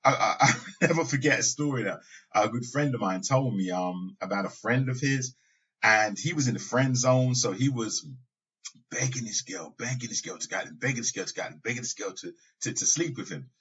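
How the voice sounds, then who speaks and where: A man's voice: medium pitch, a little fast, fairly bright tone, slightly rough. A man hosting a podcast, talking in a casual, conversational monologue with asides and occasional laughs. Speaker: podcast host. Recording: dull lo-fi sound.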